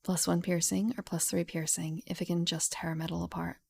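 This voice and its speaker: A young woman streamer reading a game rulebook aloud at home into a studio mic, softly and half-whispered, with chatty asides. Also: on the low side, flat delivery, brisk, creaky, breathy edge. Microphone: studio mic with pop filter.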